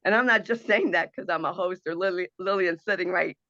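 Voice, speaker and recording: A woman's voice: fairly low pitch, a little fast, pushed and bright, dry recording, muffled recording. A woman hosting an internet radio talk show, speaking in an earnest, emotional and impassioned monologue over a video call.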